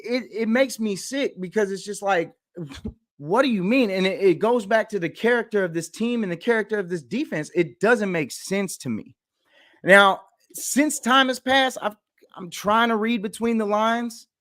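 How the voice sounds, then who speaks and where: High-voiced man ranting, dry sound. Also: a bit bright, no echo. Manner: indignant, ranting, repeats himself for emphasis. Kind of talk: heated sports talk.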